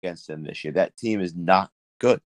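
A man co-hosting a casual sports podcast, talking in an animated way, laughing often and restarting his sentences. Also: low-pitched, moderate pace, no echo. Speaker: podcast co-host.

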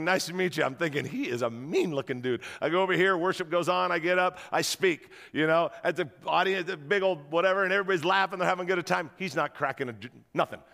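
A man preaching a sermon to a church crowd, telling stories in an animated way and rousing the audience, in a large auditorium. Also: high voice, gravelly, in a large hall. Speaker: guest pastor.

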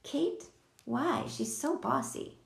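A demanding little girl who bosses everyone around, including her mother. Her voice sits high and pushy, put on by a woman reading a storybook. The recording carries an echoey room. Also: animated, slow, gravelly, full character voice. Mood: bossy. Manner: demanding, bossy. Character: bossy young girl.

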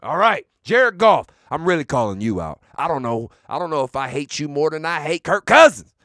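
A male sports podcast host on a comedic rant, mocking players with exaggerated trash talk and sudden shouted bursts. His voice sits a little high and swings up and down. It is recorded close and dry, with no room sound. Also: very animated, moderate pace, no echo.

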